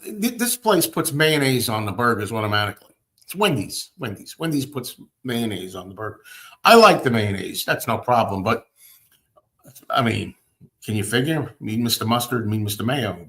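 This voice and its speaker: A male host tells everyday stories in a chatty, ranting way, his voice rising high when he acts out what he said. His pitch sits in the ordinary middle range for a man, and he talks to listeners directly. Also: moderate pace. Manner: ranting, animated storytelling. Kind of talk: casual chat.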